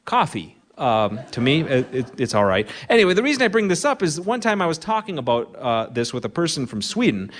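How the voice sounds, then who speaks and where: A man's voice: on the high side, big pitch swings, brisk, hardly any pauses. A man with a Minnesota accent hosting a live radio show from a barn, telling dry, wry humorous stories full of small asides and fillers.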